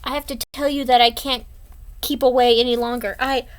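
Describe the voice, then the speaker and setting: A woman's voice: on the high side, flat delivery, brisk, a little hiss or hum, close to an everyday voice. A woman voicing an earnest, lovestruck young male dinosaur who stammers a little.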